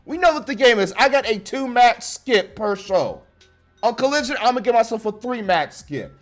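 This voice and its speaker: A man's voice: very high-pitched, sing-song, normal speed, soft background music. A man reviewing a wrestling show in a blunt, sarcastic rant, swearing heavily. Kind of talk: profane ranting review.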